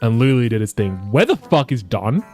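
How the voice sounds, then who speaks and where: A man commentating his basketball video game for his viewers, excitable and swearing often, calling them boys. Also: mid-range voice, fairly quick, soft background music. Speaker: gaming YouTuber.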